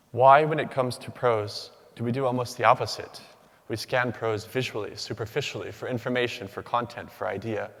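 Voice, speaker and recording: A young man giving a prepared academic talk to an audience, speaking in a measured, rhythmic way with pauses between listed words. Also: mid-range voice. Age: young adult. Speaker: PhD candidate giving a symposium talk. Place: large lecture hall. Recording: long reverb of a large hall.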